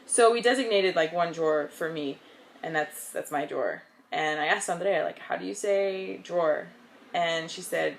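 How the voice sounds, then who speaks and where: A young woman from the United States chatting casually in a vlog, bubbly and excitable. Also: on the low side, moderate pace, creaky, a little hiss or hum. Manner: bubbly and excitable, with frequent laughs. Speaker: vlogger.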